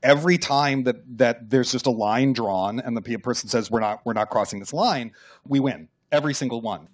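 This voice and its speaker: Male author guest, lively storyteller who voices his quotes, conversational. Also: medium pitch, brisk. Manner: animated storyteller, acts out quotes, some restarts. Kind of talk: conversational radio interview.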